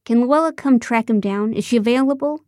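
A woman's voice: a little high, fairly quick, darkish tone, no room sound, studio quality, voice pushed up, close to an everyday voice. Nervous male producer, read by a woman; anxious, rambling delivery.

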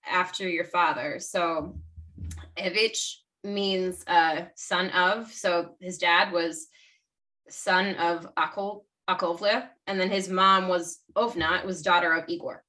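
A chatty woman with a bright, forceful tone rambles through her notes as a podcast co-host, often correcting herself mid-sentence. Her voice sits a bit back from the mic. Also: fairly low pitch, fairly even intonation, slow pace, far from the mic. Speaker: podcast co-host presenting the research. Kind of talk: casual chat.

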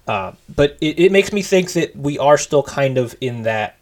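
Male co-host, loose conversational recap, wry and lively. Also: a little high, moderate pace. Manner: animated, sarcastic recapping. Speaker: podcast co-host. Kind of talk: casual wrestling chat.

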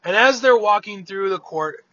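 A man's voice: sits high, expressive, moderate pace, bright, forceful tone, no echo, dull audio. A man casually retelling an old myth in a chatty way, often restarting words as he talks. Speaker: storyteller.

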